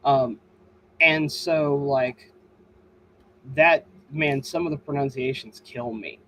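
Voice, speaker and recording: A man who is an author and host, chatting casually and telling stories with lively, exaggerated mimicry. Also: slow, a little hiss or hum, poor audio. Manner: animated storyteller, mimics voices with high-pitched exaggeration. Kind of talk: casual podcast chat.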